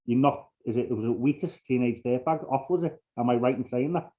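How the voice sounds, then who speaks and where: A man's voice: medium pitch, fast talker, dark tone. A man hosting a podcast interview, talking casually and often stumbling over repeated words. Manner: hesitant, repeats words, friendly filler. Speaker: podcast host. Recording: dull lo-fi sound.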